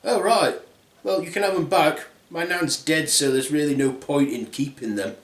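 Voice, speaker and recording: A man's voice: a little high, normal speed, lightly acted. Man doing a blunt cheeky Red Riding Hood. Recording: roomy echo.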